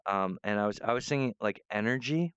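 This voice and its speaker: A man's voice: lowish voice, fairly quick, a bit bright, clear, resonant tone, no echo, dull audio. A man rambling in a monologue to camera, meandering, restarting often and breaking off to apologize. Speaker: vlogger.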